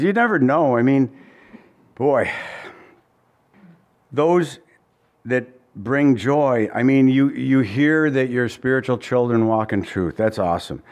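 A man preaching a sermon as pastor, animated and asking the congregation many rhetorical questions, with passages of scripture read aloud. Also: medium pitch. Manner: reads scripture in old-fashioned wording.

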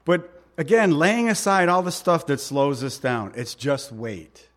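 Middle-aged male pastor, slightly high voice, easygoing sermon delivery, slow when reading verses, sudden quiet stresses. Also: animated. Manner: conversational preaching, slows down to read verses, drops quiet for emphasis.

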